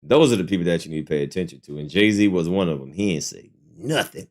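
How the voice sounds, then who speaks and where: A man commenting casually on a podcast, his lowish voice rising and falling a great deal. He swings between quiet, trailing asides and loud bursts. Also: lively intonation, quick pace. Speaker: reaction channel host.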